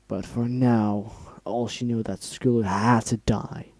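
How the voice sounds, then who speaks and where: Dark-voiced man reading a story aloud. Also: lowish voice, steady tone, slow pace, dry recording, rough recording. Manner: reads aloud, breaks off to react emotionally and swear. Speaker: reader of fan fiction. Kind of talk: dramatic reading with asides.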